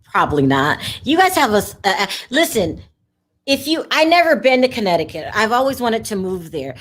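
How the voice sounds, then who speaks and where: Blunt woman, a bit high, casual chat. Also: big pitch swings, a little fast, a bit bright.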